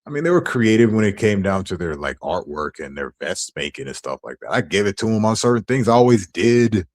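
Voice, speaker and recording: A man's voice: lowish voice, very animated, a little fast. A man ranting on his stream, heated and profane as he tells his side of a feud. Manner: angry, profane storytelling.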